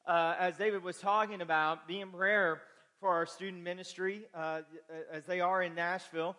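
A man's voice: sits high, fairly even intonation, moderate pace, bright, forceful tone. A man preaching a sermon to his congregation after some announcements, folksy and joking in his asides. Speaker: pastor. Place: church sanctuary. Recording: long hall reverb.

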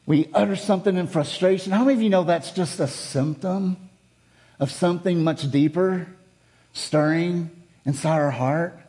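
A man's voice: on the high side, moderate pace, dark tone. A man preaching a sermon, reading scripture aloud and explaining it with rhetorical questions and repetition.

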